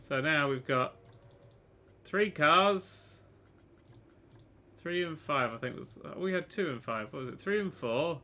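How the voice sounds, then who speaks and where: A man giving casual let's-play commentary, excitable and sweary, swinging from quiet mutters to loud exclamations. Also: on the high side, measured pace, pauses often. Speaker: gaming YouTuber.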